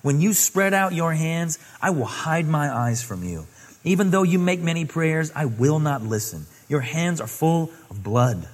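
A man's voice: a little high, lively intonation, a little slow, in a large hall. A man preaching a sermon, reading scripture aloud and exhorting earnestly. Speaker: pastor.

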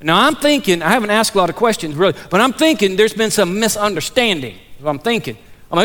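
A man preaching as a pastor, telling stories in a conversational, animated way with frequent restarts and fillers. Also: sits high, fast talker. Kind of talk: sermon with storytelling. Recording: long hall reverb.

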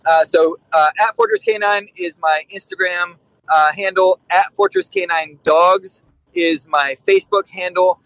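In a dry, low-quality recording, a middle-aged man's high, slightly bright voice unfolds a little slowly. He trains dogs and, as a podcast guest, spins casual stories with blunt candor, performing the quoted lines.

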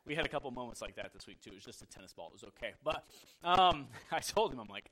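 A man's voice: medium pitch, expressive, fast talker, pushed and bright, poor audio. A man in his thirties casually telling a family story, chatty and acting out his son's lines.

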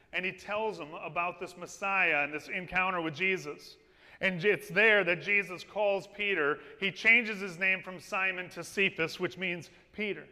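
A man preaching a sermon, telling stories with lively energy and asking his congregation "amen?". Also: sits high. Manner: lively storytelling with call-and-response "amen?". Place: church. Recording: long reverb of a church hall.

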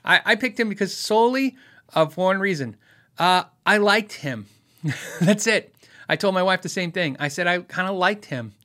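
A man hosting a casual live question-and-answer chat about guitars, rambling easily with fillers, restarts and quick laughs. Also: high voice, lively intonation, sharp tone. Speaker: livestream host answering viewer questions on guitars.

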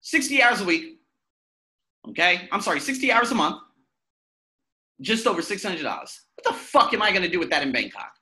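A man's voice: high-pitched, sing-song, a little fast, long pauses, pushed and bright. A man hosting a self-help podcast, talking bluntly and with lots of swearing. He asks himself questions and answers them in a candid motivational monologue.

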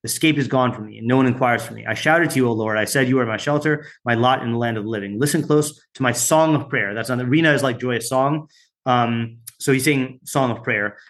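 Male teacher, mid pitch, reads scripture aloud, talks loose and unscripted with lots of ums and asides. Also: fairly quick, fairly bright tone. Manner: reads translations, stops often with fillers and asides. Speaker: Bible study teacher. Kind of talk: informal text study, reading aloud.

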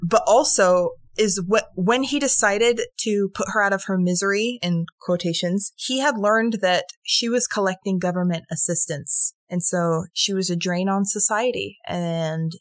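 A woman's voice: medium pitch, measured pace, dry recording. Woman podcast host going through a true crime case, chatty and blunt, dry close sound. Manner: casual, animated retelling with swearing.

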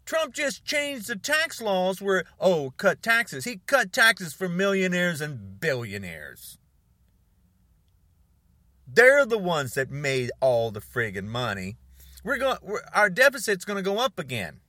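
A man rants in a bright, tense voice that swings widely in pitch, heated and sarcastic. His tone stays exasperated throughout. The recording is dry and close. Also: very animated, takes it slowly, no echo. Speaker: political commentator. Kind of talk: ranting monologue to camera.

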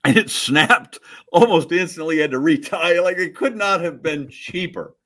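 A middle-aged man from Wisconsin, co-hosting a podcast and telling a childhood story in an animated, mock-indignant, self-mocking way. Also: a little high, normal speed. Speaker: podcast co-host. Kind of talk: casual storytelling chat.

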